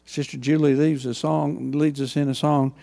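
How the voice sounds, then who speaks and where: An older man, preaching a sermon as pastor with passion and swings between loud and hushed delivery. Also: on the high side, level tone, moderate pace, gravelly.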